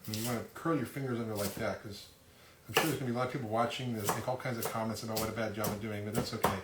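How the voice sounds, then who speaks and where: A man's voice: fairly low pitch, steady tone, heavy background noise. Chatty man cooking in an echoey kitchen. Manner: chatty, self-deprecating, halting with fillers. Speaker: cooking show host. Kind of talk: casual live cooking demonstration. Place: home kitchen. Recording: roomy, distant kitchen sound with loud clatter. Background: cutlery, dishes and chopping clatter.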